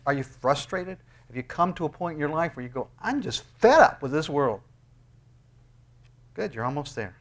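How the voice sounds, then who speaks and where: Preaching pastor, male, higher register; dynamic delivery from loud peaks to hushed lows. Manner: swings between loud, high exclamations and hushed, low asides. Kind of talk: sermon with scripture reading and closing prayer.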